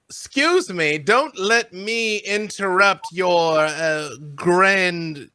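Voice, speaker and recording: A man's voice: high-pitched, pushed and bright, clean tone, no echo, pitched above the performer's own voice, full character voice. A man voicing a bossy cat-folk lady captain. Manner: imperious, shifting put-on accent. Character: brash female cat-folk ship captain.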